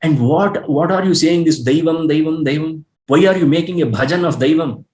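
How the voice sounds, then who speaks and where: A man's voice: mid-range voice, expressive, a little slow, roomy sound, close to an everyday voice. A man voicing a proud, defiant young warrior prince who fires off indignant questions. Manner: indignant, challenging rhetorical questions.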